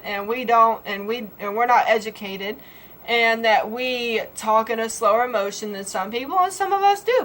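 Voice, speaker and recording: A woman's voice: fairly high pitch, fairly bright tone, slight background noise, poor audio. A young woman from Georgia with a Southern accent, vlogging in a playful, folksy way with an exaggerated drawl. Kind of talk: comedic casual vlog.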